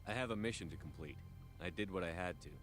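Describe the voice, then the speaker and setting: A man voicing a calm male military commander in a video game, speaking in clipped, firm lines. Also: deep voice, fast talker, soft background music.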